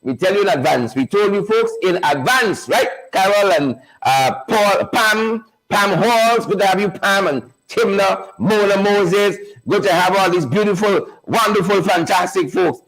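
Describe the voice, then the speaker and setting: A man's voice: high-pitched, unhurried, hardly any pauses, fairly bright tone, low-quality recording. A man hosting a live online show, repeating phrases and hyping up viewers he greets by name. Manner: repetitive, hype-building, calls out viewers by name. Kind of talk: energetic live-stream chat, greeting viewers.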